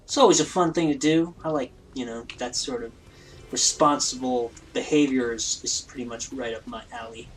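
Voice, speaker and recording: A man's voice: medium pitch, moderate pace, faint music behind, rough recording. A man giving rambling, self-deprecating, jokey commentary while playing a game. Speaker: let's play host. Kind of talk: casual gameplay commentary.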